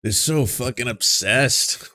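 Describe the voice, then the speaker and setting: A man's voice: mid-range voice, slow, pushed and bright. Sarcastic man doing reaction commentary. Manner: sarcastic, mocking impressions. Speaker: commentary host.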